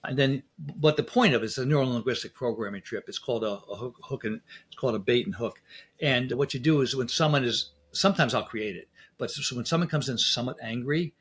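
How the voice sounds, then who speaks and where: A man, a dentist guest in a casual interview, telling lively anecdotes and acting out dialogue. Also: mid-range voice, quick pace, husky.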